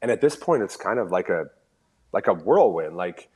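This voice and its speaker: Low-voiced man telling hockey stories. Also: normal speed, husky. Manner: animated storyteller, acts out quoted dialogue. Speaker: podcast guest, former pro hockey player. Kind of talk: casual storytelling interview.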